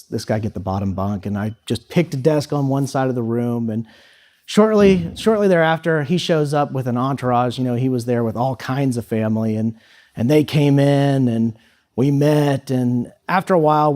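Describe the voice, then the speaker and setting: A middle-aged man telling students a relaxed, anecdotal story about his first days at college, with fillers and acted-out quotes. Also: mid-range voice. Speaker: guest speaker to high school students. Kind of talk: storytelling talk. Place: school hall.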